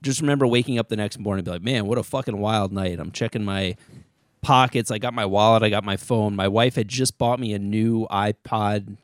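A man's voice: lowish voice, brisk, no echo, clean studio sound. A man, a guest on a podcast, telling rambling anecdotes in casual chat, swearing freely.

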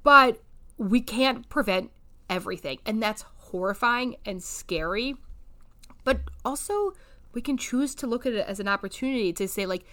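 Bright, lively woman podcast co-host. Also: on the high side, normal speed. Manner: animated, swearing, laughing often. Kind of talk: casual chat.

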